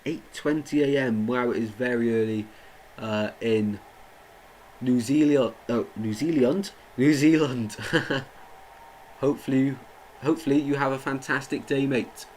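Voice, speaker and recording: A man's voice: medium pitch, steady tone, a little slow, long pauses, darkish tone, slight background noise, low-quality recording. A young man doing live football watchalong commentary, chatting with viewers and getting indignant at the play. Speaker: watchalong streamer. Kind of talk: live match commentary and chat.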